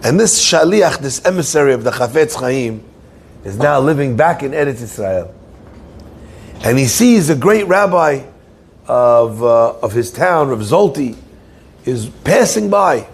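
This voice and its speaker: A man's voice: mid-range voice, unhurried, creaky, slightly rough. A man preaching as a rabbi, telling a story in his sermon and putting questions to his listeners. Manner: animated storyteller who asks the listeners questions.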